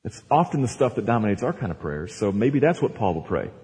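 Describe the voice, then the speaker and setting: A man's voice: on the low side, very animated, fast, warm tone, a little hiss or hum. A man preaching a Sunday sermon as pastor, emphatic and repeating words for stress as he explains scripture verse by verse. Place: church sanctuary. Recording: long hall reverb.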